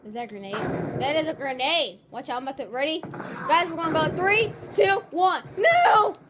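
Very high-voiced woman yelling at a game. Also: animated, fairly quick, heavy background noise. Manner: loud yelling reactions and trash talk. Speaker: gameplay commentator. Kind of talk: excited gameplay commentary.

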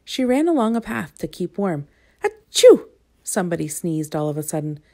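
A woman reading a children's picture book aloud with expressive, playful asides to the listener. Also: fairly low pitch, a little fast, gravelly. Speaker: storybook reader.

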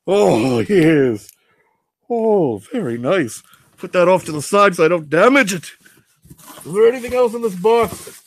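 A man playing Venom, a boastful alien symbiote, in a goofy, excitable in-character comic unboxing. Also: high-pitched, a little slow, dry recording, heavily acted. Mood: excited playful. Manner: goofy, excitable, answers himself with "yes".

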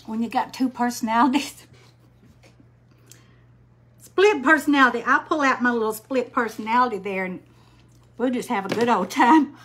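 An older woman, chatting slowly on a craft livestream, greeting viewers by name while she paints. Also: on the high side, fairly bright tone, breathy edge. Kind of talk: casual live-stream chat while painting.

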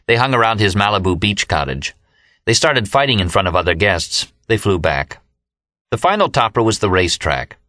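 Here a man with a voice on the low side reads scripted audiobook narration, steady and measured as he tells the story. The studio sound is clean and dry.

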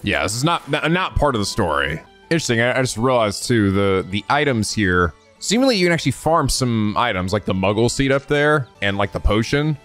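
A man's voice: medium pitch, sing-song, brisk, fairly bright tone, soft background music. A man hosting a let's play, chatting casually and thinking aloud as he plays, with sudden swearing outbursts. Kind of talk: casual gameplay commentary.

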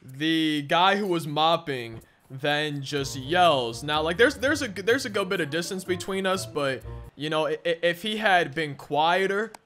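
A man's voice: a little high, expressive, measured pace, fairly bright tone. A young man casually telling a rambling story while playing a video game, with lots of restarts and fillers. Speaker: gaming storyteller. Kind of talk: casual story time over gameplay.

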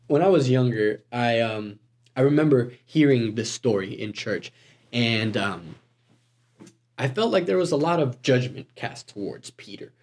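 A man preaching a sermon in a conversational, animated way, with casual asides to the congregation. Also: medium pitch, a little slow. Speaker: guest preacher.

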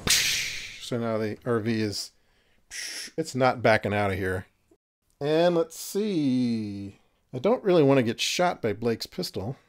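A man's voice: medium pitch, lively intonation, slow pace, long pauses. Chatty man running a tabletop game. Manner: chatty, laughs at his own jokes. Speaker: game master. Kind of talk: narrating a tabletop miniatures game.

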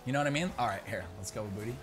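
Excitable young man commentating gameplay. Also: mid-range voice, racing. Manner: excitable, chatty, talks to teammate, bursts into loud shouts. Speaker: gaming YouTuber. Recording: background noise.

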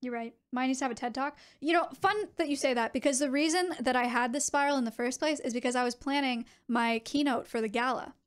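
A young adult woman streaming, chatting casually with her viewers in an animated way, with quick asides. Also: high-pitched, clean tone.

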